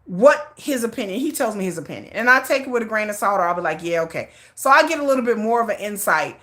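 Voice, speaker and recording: A middle-aged woman hosting a casual livestream, rambling with restarts and repeats in an animated way. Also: on the high side, fast talker. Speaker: livestream host.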